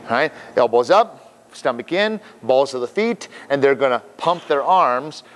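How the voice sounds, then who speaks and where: A man's voice: medium pitch, animated, measured pace. A man trainer explaining exercise moves in an upbeat, playful way, often checking in with "okay?", recorded outdoors on a hilltop. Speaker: fitness trainer. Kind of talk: instructional demonstration.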